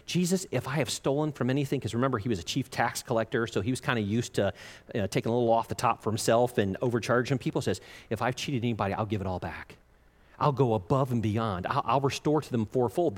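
A man preaching in a mid-range voice that swings widely in pitch. He jokes, laughs often and plays out the quotes. His voice rings with the long reverb of a large hall. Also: fast. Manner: animated, jokey, laughs often, acts out quotes. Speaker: pastor. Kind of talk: sermon.

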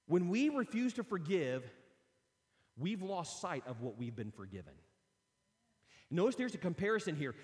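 A man's voice: high-pitched, in a large hall. A man preaching a sermon in a conversational way, reading scripture aloud and breaking off into casual asides. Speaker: pastor.

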